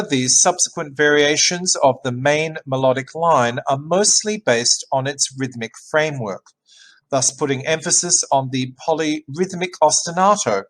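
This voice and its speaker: A man reading a written music analysis aloud in an even, measured way, as a teacher. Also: a little high, rough recording. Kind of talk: read-aloud academic narration.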